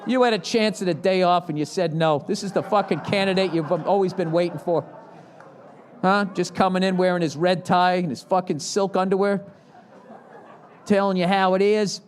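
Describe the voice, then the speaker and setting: A male comedian rants sarcastically on stage, his voice sitting high for a man. He swears freely and bursts into shouts. Faint noise hangs behind his handheld mic in the big venue. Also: steady tone, moderate pace. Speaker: stand-up comedian. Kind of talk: live stand-up rant. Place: large live venue with audience. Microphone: handheld microphone.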